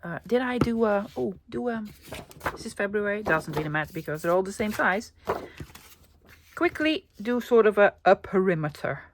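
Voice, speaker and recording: A woman's voice: medium pitch, expressive, normal speed, noisy background. A young woman chatting playfully to her viewers while she crafts, calling them love and dropping to a whisper now and then. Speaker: craft vlogger. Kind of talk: casual crafting vlog chat.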